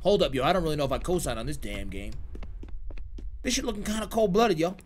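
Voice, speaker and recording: A man streaming a horror game live, excitable and profane, chatting with his viewers in slang and breaking into shouts. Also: fairly high pitch, quick pace, background noise. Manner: slangy banter with chat. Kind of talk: live horror gameplay commentary.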